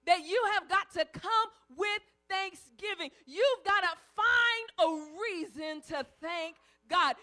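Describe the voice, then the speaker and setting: A woman preaching a sermon, building to shouted climaxes and then dropping soft to tell stories. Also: extremely high pitch.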